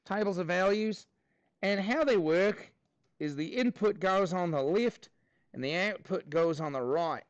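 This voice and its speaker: An upbeat, chatty man teaching math to a class, his voice sitting high and bouncing between jokes and instructions. The sound is dry and close, with almost no room echo. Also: unhurried, dull audio. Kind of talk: classroom lesson.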